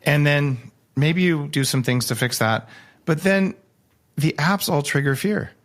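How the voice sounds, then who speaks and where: A man, a guest author on a podcast, talking casually with animated, jokey storytelling and sudden jumps in pitch. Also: unhurried.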